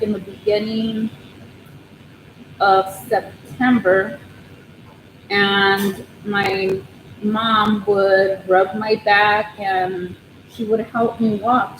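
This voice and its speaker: Slow, hesitant woman chatting on a livestream. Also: medium pitch. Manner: rambling and hesitant, many ums and restarts; nervous, soft-spoken. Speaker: crochet channel host on a livestream. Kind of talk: casual live chat with viewers. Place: living room at home. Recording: roomy room with steady background noise.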